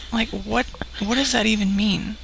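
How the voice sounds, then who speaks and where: A woman's voice: medium pitch, vocal fry, pushed and bright, a little hiss or hum, low-quality recording. A woman co-hosting a prank call show, chatting casually with lots of "like". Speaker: prank caller co-host. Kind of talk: casual chat.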